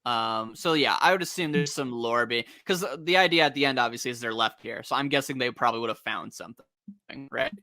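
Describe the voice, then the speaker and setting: A man co-hosting a casual podcast chat, animated, laughing often and acting out scenes as he talks. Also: medium pitch, fast, no echo, clean studio sound. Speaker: co-host.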